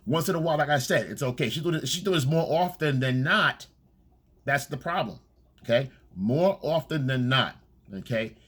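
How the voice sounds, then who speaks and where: A man talks through a casual coaching monologue on dating, blunt and peppered with profanity. He keeps checking in with "okay?" and "all right?" between points. His voice sits at a middling pitch with a husky grain. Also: fairly bright tone.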